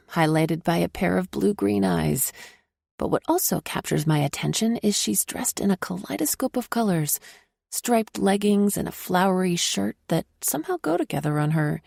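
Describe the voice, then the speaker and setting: A woman narrating a first-person romance audiobook, expressive when she voices the teacher's lines. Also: lowish voice, vocal fry, no room sound, studio quality.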